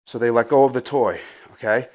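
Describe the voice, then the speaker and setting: A man's voice: mid-range voice, steady tone, a little fast, darkish tone. Out of breath dog trainer guy, casual and a bit sweary, keeps saying right?. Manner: loose, profane, says "right?" a lot. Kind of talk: casual instructional talk. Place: home garage.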